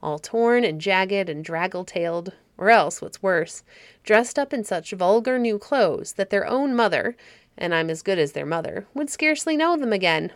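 A woman reading the part of a cheerful, kindly old caretaker woman in a fairy story, in a gentle, homely way. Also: mid-range voice, lively intonation, normal speed, no room sound, studio quality, close to an everyday voice.

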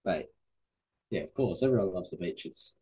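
A man's voice: sits low, animated, normal speed, mellow, breathy edge. An Australian man as a guest on a casual sports podcast, agreeing with the host in a laid-back way.

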